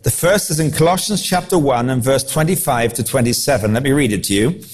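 A man preaching a sermon, acting out the crowd's reactions with animated delivery. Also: medium pitch, fairly quick, slightly rough, faint music behind.

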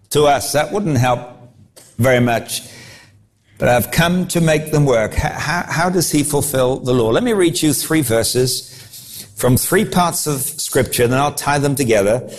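A man preaching a sermon, acting out the crowd's reactions with animated delivery. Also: on the high side, measured pace, a little hiss or hum.

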